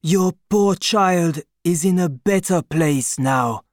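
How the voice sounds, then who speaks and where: A steady, kindly wine-shop keeper speaks in a calm, comforting way, as a storyteller puts him on. His voice sits a little higher and louder than the narration. This is a storybook reading. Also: takes it slowly, dry recording, clean studio sound. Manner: calm, comforting and plain-spoken.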